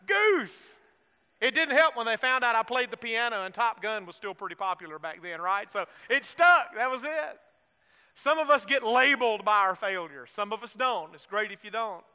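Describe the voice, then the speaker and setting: Male pastor, middle-aged, high bright voice, sermon with congregation asides, long church reverb. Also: lively intonation, fairly quick, smooth. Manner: preaching with call-and-response asides to the congregation.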